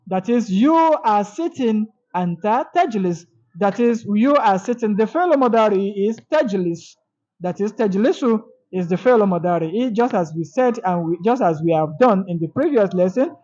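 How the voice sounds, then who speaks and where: A woman teaching an Arabic grammar lesson, repeating each example slowly and then translating it. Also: mid-range voice, lively intonation, warm tone, lo-fi sound.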